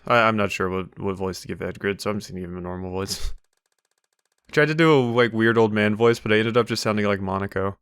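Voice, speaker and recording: A man's voice: on the low side, fairly even intonation, fairly quick, a bit bright, clear, resonant tone, dry recording, studio quality. A man hosting a let's play, chatting casually between game scenes with laughing asides. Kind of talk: casual gaming commentary.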